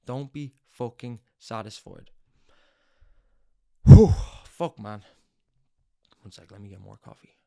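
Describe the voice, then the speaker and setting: A man's voice: medium pitch, expressive, takes it slowly, pauses often, mellow. Intense, swearing man. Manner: intense, profane, hammering repetition. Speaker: podcast host. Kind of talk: motivational monologue.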